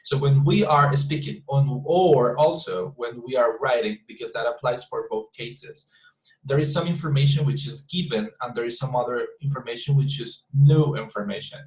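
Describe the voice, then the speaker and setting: A man's voice: medium pitch, normal speed, a little mellow, roomy sound, poor audio. A male English teacher giving an online class, often restarting his phrases and checking in with "you see?".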